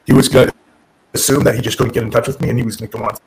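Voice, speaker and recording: A man who is a former wrestler and podcast guest, telling a story in casual, animated talk, restarting sentences and acting out what people said. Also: mid-range voice, very fast, vocal fry, noisy background. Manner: animated, restarts and self-corrects, acts out quotes.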